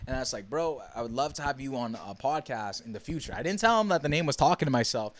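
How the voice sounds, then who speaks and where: A young man from the Bahamas hosting a podcast alone, telling a story in a casual, excitable way with many fillers and restarts. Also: mid-range voice, quick pace, slight background noise. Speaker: podcast host.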